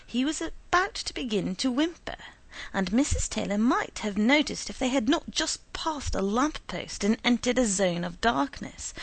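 A woman narrating a story in an expressive, dramatic reading. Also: on the high side, moderate pace, gravelly, dry recording.

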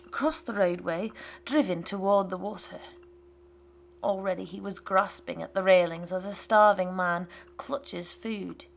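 Woman narrating in a hushed half-whisper. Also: medium pitch, gravelly, slight background noise. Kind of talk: scripted narration of a literary story.

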